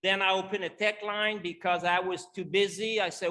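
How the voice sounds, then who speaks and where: A French Canadian man gives a conference presentation in a bright, high voice with a steady tone. His delivery is halting, full of fillers and restarts.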